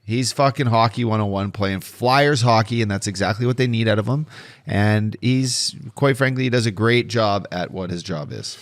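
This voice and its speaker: A man's voice: lowish voice, normal speed. Blunt, profane man in his thirties. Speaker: podcast co-host. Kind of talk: casual sports chat.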